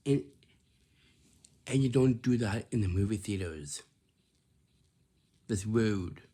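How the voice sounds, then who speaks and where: Slow, husky low-voiced man. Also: mellow. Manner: repetitive, scolding, lots of "right?". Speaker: vlogger giving workplace advice. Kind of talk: casual instructive monologue.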